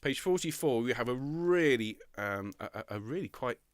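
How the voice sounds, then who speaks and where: A man's voice: medium pitch, lively intonation, moderate pace, dry recording. A middle-aged man leading an online choir rehearsal, chatty and enthusiastic, often repeating his words as he coaches the singers. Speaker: choir conductor.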